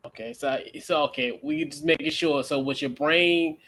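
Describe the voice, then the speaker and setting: A man co-hosting a casual sports talk show, playful and quick to laugh. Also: on the high side, fairly bright tone. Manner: laughing, playful, hypes people up. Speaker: podcast co-host.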